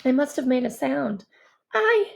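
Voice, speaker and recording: Woman narrator for a first-person audiobook, fairly high voice, quiet and measured, inward reading.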